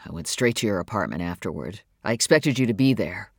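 A narrator voicing a middle-aged man who is grieving, with a rough, subdued, heavy delivery. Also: expressive, a little fast, no room sound, clean studio sound. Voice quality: rough, low.

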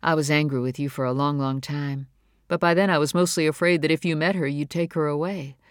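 A narrator voicing a grown woman, a guarded and defensive mother who speaks earnestly with quiet strain. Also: mid-range voice, steady tone, fairly quick, clean tone, no echo, studio quality, close to an everyday voice.

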